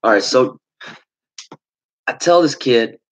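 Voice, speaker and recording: A young man telling a long story in a casual, rambling way, swearing often and filling pauses with "like" and "uh". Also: mid-range voice, animated. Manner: rambling, swearing, frequent fillers.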